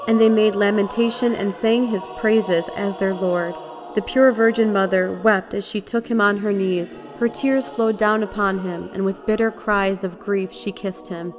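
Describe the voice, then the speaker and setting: A woman reads liturgical texts in a measured, reverent way. Soft music plays faintly behind her. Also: mid-range voice. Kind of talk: solemn liturgical reading.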